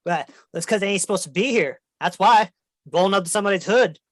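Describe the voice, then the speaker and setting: A man's voice: high voice, fast talker, no echo, clean studio sound. A man voicing a crude, aggressive, horse-sized male dragon who swears and talks street slang in a tabletop game. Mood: gruff. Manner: snarling, swearing, hostile.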